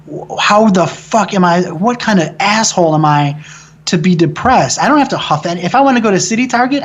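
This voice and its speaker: A film director from the American Midwest talks through a personal story in a relaxed interview. He swears freely and rambles animatedly, often restarting his sentences. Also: on the high side, highs cut off.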